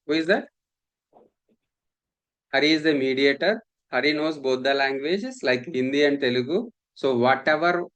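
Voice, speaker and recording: A man, lecturing a class, repeating points and often asking the students if they follow. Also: mid-range voice. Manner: repetitive, checks understanding often. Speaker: instructor.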